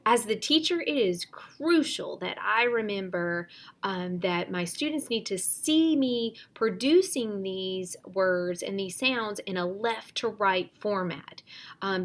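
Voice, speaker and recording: A woman teacher explaining phonics drills in a measured, instructional way, with frequent fillers. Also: mid-range voice, fairly bright tone. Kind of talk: instructional lesson, modeling drills.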